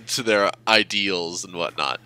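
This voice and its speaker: A man's voice: sits low, animated, slow, sharp tone, clear, resonant tone. A man co-hosting a casual podcast, thinking aloud with hesitant restarts and fillers. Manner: thoughtful, hesitant, many fillers. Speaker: podcast co-host. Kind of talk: casual chat.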